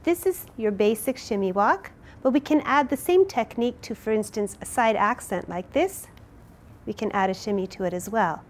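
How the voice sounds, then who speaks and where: A woman's voice: mid-range voice, expressive, normal speed. A middle-aged woman teaching a belly dance step, explaining it patiently and counting out each move. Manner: clear, patient, counting out moves.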